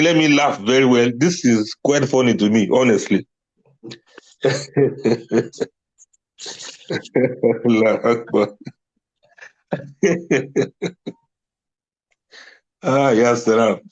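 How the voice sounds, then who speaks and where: A man's voice: mid-range voice, dull audio. A man giving a religious talk on letting go, emphatic and often laughing at his own points. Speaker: Islamic speaker.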